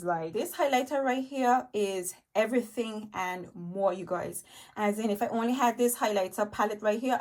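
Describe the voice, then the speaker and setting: Recording on a handheld tablet at home among piles of makeup, a woman enthusiastically rambles about beauty products she loves, slightly breathless and heavy on fillers. Her medium-pitched voice is a little mellow, with slight background noise.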